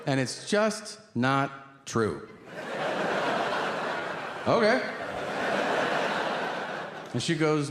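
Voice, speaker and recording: Animated male stand-up comic in a hall. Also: mid-range voice, drawn-out words, long pauses, very noisy. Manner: animated storytelling, acting out both sides of dialogues. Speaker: stand-up comedian. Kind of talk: stand-up set. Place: theater stage. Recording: live in a big hall with loud ambience.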